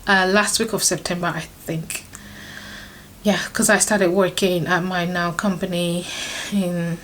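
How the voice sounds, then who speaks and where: A woman's voice: lowish voice, flat delivery, measured pace, fairly bright tone, a little hiss or hum. A young woman vlogger telling a personal story to camera, emotional and laughing often, restarting her sentences as she goes. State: pregnant, third trimester.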